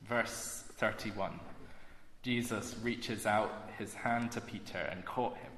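Low-voiced man preaching in an echoey hall. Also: steady tone, fairly bright tone, a little hiss or hum. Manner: earnest, measured delivery with slow emphatic phrases. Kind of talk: sermon. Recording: echoey hall with long reverb.

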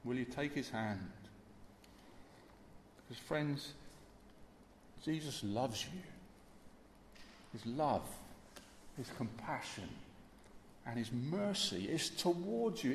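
A man's voice: medium pitch, lively intonation, slow, long pauses, roomy sound, long reverb tail, slight background noise. A male preacher giving an earnest sermon in a church, dwelling on repeated phrases.

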